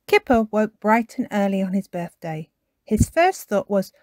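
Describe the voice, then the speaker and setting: A woman reading a children's storybook aloud, her voice rising and falling with lively expression. Her pitch sits in the middle range, and the recording is close and dry. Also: normal speed, no room sound. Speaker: storytime reader.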